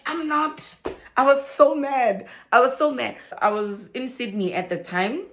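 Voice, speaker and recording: A South African woman talking casually to camera as a vlogger, telling her story with lots of laughter. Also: on the low side. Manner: animated storyteller, laughs often. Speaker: vlogger and social worker.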